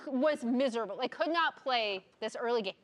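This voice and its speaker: A woman breaking down replays at an esports analysis desk, quick and explanatory. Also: on the high side, animated, a little hiss or hum.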